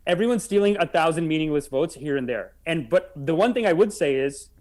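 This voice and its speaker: A man's voice: on the high side, animated, fairly quick, a little mellow. A man co-hosting a casual podcast, talking bluntly and sarcastically. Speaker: podcast co-host.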